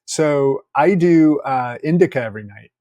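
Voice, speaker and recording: A man telling stories as a podcast guest, casual and animated, laughing often and acting out quotes. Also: fairly high pitch, normal speed, dry recording. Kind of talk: casual interview storytelling.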